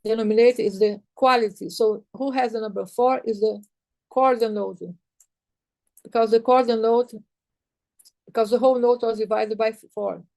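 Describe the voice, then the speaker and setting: Give me a woman music teacher explaining rhythm notation patiently, a bit high, dry close-mic sound. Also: fairly even intonation, normal speed, creaky, darkish tone, no echo. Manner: patient, repetitive, counts and sings rhythms on "ta".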